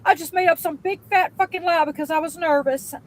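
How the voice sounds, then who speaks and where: A woman who works in sales, telling a story casually and acting out each person's lines with quick voice changes and blunt swearing. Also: very high voice, a little hiss or hum, poor audio. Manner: animated, acts out dialogue with quick voice changes.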